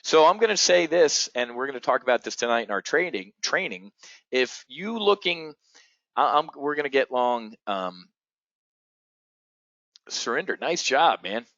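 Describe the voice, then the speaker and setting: An excitable man runs a live trading webinar, talking straight to his audience and swearing as things move. His voice sits at an average pitch. The sound is dry and a little dull, with no room around it. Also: measured pace, dry recording.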